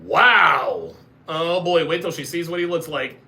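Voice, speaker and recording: A man's voice: on the high side, steady tone, brisk. A man hosting a live reaction stream, joking crudely, laughing often and reading chat aloud. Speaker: host of a dating-show reaction stream.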